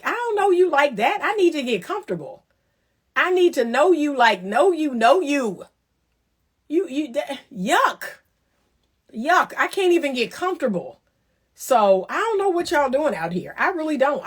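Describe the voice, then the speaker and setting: Animated woman giving blunt dating advice. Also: high-pitched, moderate pace. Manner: animated, preachy and teasing, acts out voices. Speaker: relationship talk host. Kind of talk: casual advice monologue.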